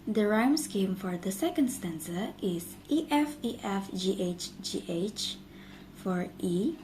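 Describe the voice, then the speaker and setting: A young woman student giving a class presentation, reading her part in a steady, list-like way. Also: mid-range voice, takes it slowly, poor audio. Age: young adult. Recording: faint background noise.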